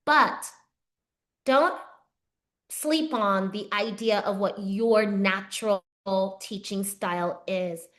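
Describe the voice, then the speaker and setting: A woman's voice: medium pitch, slow, fairly bright tone. A woman teaching a yoga teacher training session in a conversational way, often checking in with her students. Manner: conversational, frequent "right?" check-ins, varied pace.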